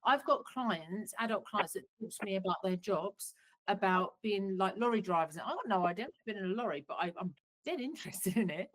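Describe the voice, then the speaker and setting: A woman's voice: medium pitch, animated, brisk, poor audio. A middle-aged woman psychotherapist, giving earnest, practical advice in an online workshop, often restarting her sentences.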